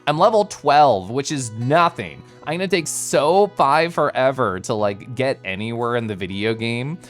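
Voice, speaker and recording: Man, live streamer, bubbly and giggly, swooping pitch, faint music behind. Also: moderate pace. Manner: animated and giggly, greeting chatters by name. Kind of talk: casual chat reading viewer messages.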